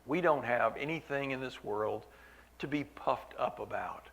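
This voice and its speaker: Guy preaching real slow, earnest, leans on repeated lines, mid-pitched voice. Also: vocal fry, a bit bright. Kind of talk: sermon. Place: church meeting.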